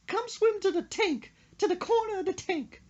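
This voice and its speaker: A woman voicing a grief-stricken woman who sobs and wails over her dead pet fish, with a high, sing-song delivery. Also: moderate pace, darkish tone, dull audio. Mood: tearful eulogy. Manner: wailing, sobbing and singing in a high voice.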